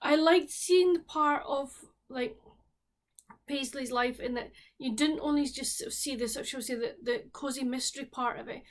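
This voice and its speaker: A woman from the Scottish Highlands whose accent colours every word, with a voice pitched a little high. She talks candidly and chattily, as if to friends at her kitchen table, whether she is reviewing a book or baking. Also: moderate pace. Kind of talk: casual book review and cooking chat.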